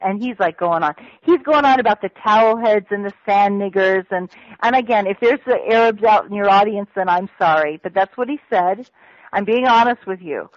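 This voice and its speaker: A woman's voice: medium pitch, moderate pace, no echo. A woman guest on a radio interview, telling her story bluntly and emphatically. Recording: muffled radio audio, dry.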